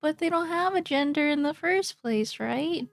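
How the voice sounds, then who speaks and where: A woman's voice: sits high, animated, normal speed, creaky, no room sound, faint music behind. A woman streaming while she draws, chatting casually and playfully with her chat, rambling, laughing often and swearing now and then.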